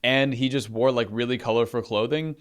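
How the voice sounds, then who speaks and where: A man's voice: medium pitch, steady tone, fairly quick, clear, resonant tone. A man co-hosting a podcast, chatting casually and animatedly, swearing freely. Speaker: podcast co-host.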